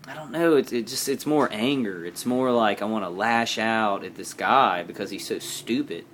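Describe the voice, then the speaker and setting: In a personal video diary, a vlogger with a very low, fairly bright-toned voice speaks directly to his viewers. He rambles and halts but stays earnest the whole way, over a faint background hiss.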